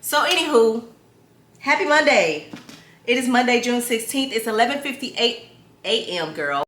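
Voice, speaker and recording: A woman's voice: on the high side, moderate pace, a little hiss or hum. A young woman vlogging in casual chat, telling stories and talking straight to her viewers. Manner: animated storyteller, talks straight to viewers. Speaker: lifestyle vlogger. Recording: echoey room.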